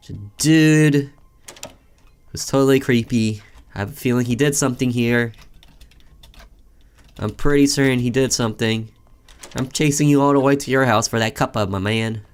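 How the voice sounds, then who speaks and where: A man's voice: mid-range voice, smooth. A man giving casual, wisecracking commentary while playing a horror game. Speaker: gameplay commentator. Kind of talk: let's play commentary.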